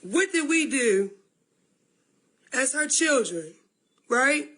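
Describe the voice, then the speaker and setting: A woman's voice: high-pitched, animated, takes it slowly, pushed and bright. A woman on a livestream, rambling emotionally about family and talking straight to her viewers. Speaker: livestreamer in a played clip.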